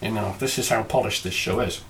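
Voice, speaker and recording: A man's voice: on the low side, brisk, gravelly. A man hosting a podcast, chatting casually and cracking self-mocking jokes. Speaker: podcast host.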